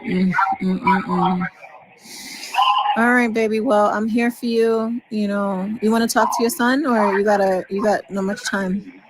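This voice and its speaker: A woman's voice: medium pitch, steady tone, measured pace, heavy background noise. A woman on a phone call to her husband, venting emotionally and leaning on fillers like "you know". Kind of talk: casual phone conversation.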